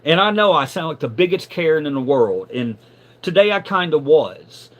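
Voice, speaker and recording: Middle-aged man, casual live-stream storyteller; lively, slightly high voice, profane, stammers when worked up. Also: moderate pace. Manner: animated, profane, repeats words when riled.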